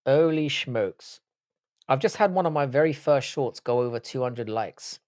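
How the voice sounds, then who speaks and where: Guy on a livestream bantering with chat, swears a lot, mid pitch, dry mic. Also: expressive, fairly quick, a little mellow, dry recording. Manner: banter, reads and answers chat comments, swears. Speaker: livestream host. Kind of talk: casual live-stream chat.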